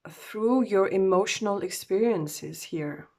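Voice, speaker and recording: A woman's voice: mid-range voice, takes it slowly, vocal fry, darkish tone. A woman doing a casual oracle card reading, groggy from just waking up and talking hesitantly with many fillers and self-corrections.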